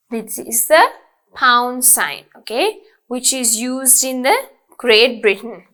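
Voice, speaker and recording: A woman teaching English, speaking slowly and clearly and often checking in with "okay?". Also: sits high, a bit bright. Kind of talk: slow, deliberate teaching with examples.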